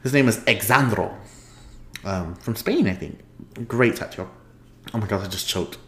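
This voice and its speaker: A man's voice: fairly low pitch, animated, normal speed, a bit bright. A man hosting a podcast in casual chat at home, rambling, getting sidetracked and laughing often. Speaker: podcast host. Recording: echoey room.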